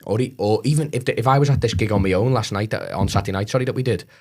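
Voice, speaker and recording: A guest comedian with a Liverpool accent races through anecdotes on a podcast in a lowish voice, swearing freely and acting out other people's voices. His casual storytelling is animated throughout.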